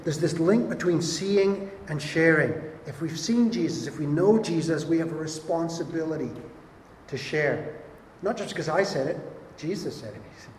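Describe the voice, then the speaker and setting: Guy preaching in a church hall, kinda high voice, lots of echo. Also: darkish tone, slight background noise. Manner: earnest, emphatic repetition. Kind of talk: sermon. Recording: echoey hall with long reverb.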